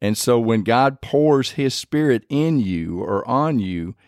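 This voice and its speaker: Male podcast host, earnest rambling testimony, mid-pitched, dry close mic. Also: animated, takes it slowly, a little mellow, no room sound.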